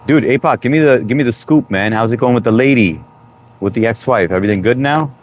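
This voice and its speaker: A low-pitched man chats loosely on a live stream, greeting viewers by name. His tone is playful and teasing, and a faint background hum sits under the voice. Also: fairly quick. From United States. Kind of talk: casual live-stream chat reading comments. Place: home room, New York.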